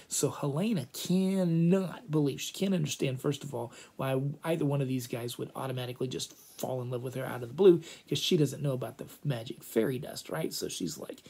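Gravelly man, animated story retelling. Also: a little high, measured pace. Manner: animated, chatty, many asides.

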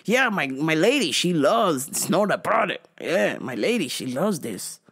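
A woman's voice: low voice, sing-song, measured pace, fairly bright tone, slightly rough, exaggerated voice. A woman voicing a friendly, easygoing young man chatting at a concert.

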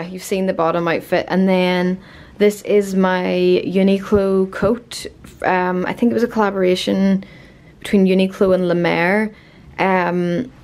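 A woman in her late twenties with a Northern Irish accent, rambling in a chatty, filler-laden way. Her voice sits a little low and carries a gravelly fry. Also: darkish tone. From Northern Ireland. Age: 20s. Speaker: vlogger. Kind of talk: casual chat.

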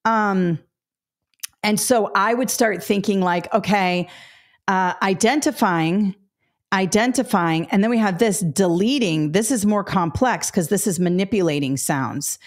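Leading a test-prep webinar, a middle-aged woman speaks at medium pitch and a slightly slow pace. Her lesson is explanatory and step-by-step; she addresses viewers head-on, fixes her own slips, and sounds a bit dry in the throat.

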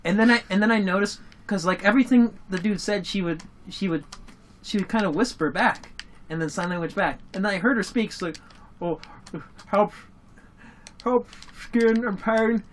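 A young adult casually telling a story and commentating a game with friends. This person laughs often, swears freely and gets excitable. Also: medium pitch, a little fast, slight background noise. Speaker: let's-play commentator. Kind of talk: casual gaming chat and storytelling.

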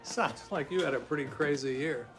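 An actor playing a calm, kindly bartender. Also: male voice, on the high side, normal speed, close to an everyday voice. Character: gentle philosophical male bartender, middle-aged. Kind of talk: TV sitcom acting.

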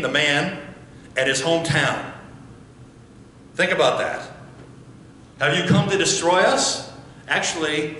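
A male pastor preaches with a bright, cutting tone, firing rhetorical questions and hammering phrases through repetition. His voice rings around a very echoey church sanctuary. Faint noise sits underneath. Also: fairly high pitch. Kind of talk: sermon.

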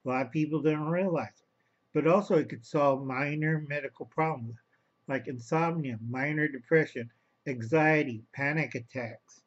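This rambling home video monologue comes from a male vlogger who calls his audience boys and girls and talks about himself by name in the third person. He speaks at a normal speed in a somewhat high voice, and the recording is muffled.

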